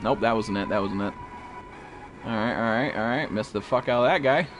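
A man's voice: lowish voice, fairly quick. A man streaming a survival game, swearing constantly and yelping in alarm at monsters as he chats with a teammate. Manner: excitable, swears constantly, frequent startled outbursts. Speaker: gameplay streamer. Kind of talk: profane live gameplay commentary. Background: faint background music.

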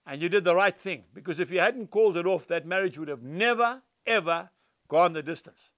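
A man's voice: high-pitched, brisk, fairly bright tone, no room sound, studio quality. An older man, telling stories and preaching in an earnest, emphatic devotional talk.

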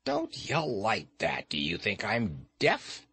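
A man's voice: mid-range voice, very animated, normal speed, a bit bright, no echo. A man voicing a grave, solemn pumpkin-headed figure who speaks in a reproachful tone.

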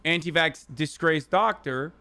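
Slow-talking high-voiced male streamer. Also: sharp tone. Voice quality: profane, laid-back. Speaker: streamer reacting to a video. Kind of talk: casual reaction commentary.

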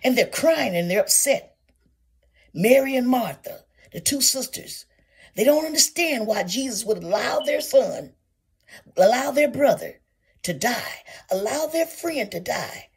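A woman's voice: a little high, vocal fry, slightly rough. A woman preaching a sermon, calling her listeners saints and asking question after question, sometimes dropping to a whisper.

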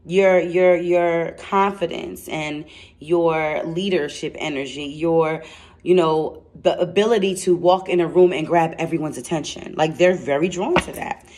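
A woman giving a casual tarot reading to camera, excitable and chatty, blunt and slangy, speaking straight to her viewers. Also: low voice, unhurried. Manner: excitable and chatty, laughs and exclaims. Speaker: tarot card reader.

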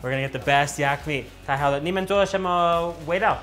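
A man's voice: fairly high pitch, a little fast, a bit bright. Man, food vlog host, exclamatory, gushing, switches to simple Mandarin, faint music behind. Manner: mixes English with simple Mandarin. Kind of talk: enthusiastic food vlog with voice-over narration.

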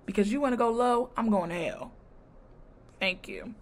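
Speaking at a moderate pace in a fairly high voice, a woman vlogger gives a casual reality-show recap full of slang and blunt, sassy remarks. She relives scenes by quoting what people said.

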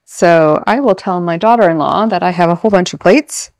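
Chatty woman with a gravelly low voice. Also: fairly quick. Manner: chatty, laughs often, tells stories. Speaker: home decorating vlogger. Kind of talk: casual chat while decorating. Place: home, indoors.

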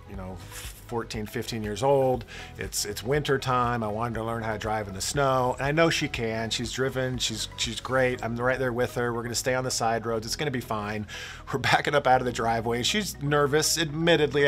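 A man's voice: medium pitch, fairly bright tone. A man in his forties speaking earnestly and reflectively to parents, like a church parenting talk. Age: 40s. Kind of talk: scripted-feel talk to parents.

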